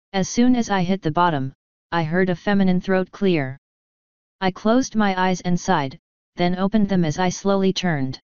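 A woman's voice: fairly low pitch, clean tone, dry recording, dull audio. A woman reading first-person fan fiction aloud in a casual, offhand way, swearing freely. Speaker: audiobook reader.

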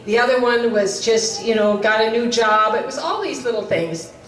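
A woman's voice: fairly high pitch, animated, normal speed, fairly bright tone. Woman telling a story in an echoey chapel. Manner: retells a story with quoted dialogue, conversational fillers. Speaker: speaker at a chapel service. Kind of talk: sermon storytelling. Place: chapel hall. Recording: echoey hall, voice from far off.

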